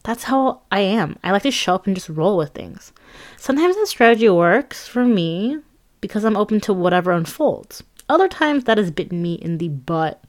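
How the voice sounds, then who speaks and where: A woman narrating her own memoir for an audiobook, at an ordinary middle pitch for a woman. She tells it conversationally, lively and quick to poke fun at herself. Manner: conversational, lively, self-mocking.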